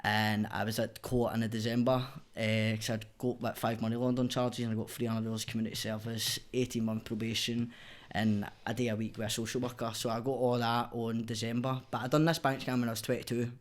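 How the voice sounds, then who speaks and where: A man's voice: medium pitch, flat delivery, brisk. A young man with a Glaswegian accent, telling his story as a podcast guest in blunt, sweary casual chat. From Scotland.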